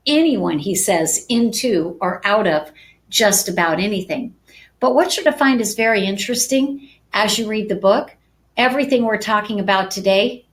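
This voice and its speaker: A woman's voice: mid-range voice, a bit bright. Woman giving a chatty real estate training talk. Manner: conversational, frequent tag questions. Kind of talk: live-streamed training talk.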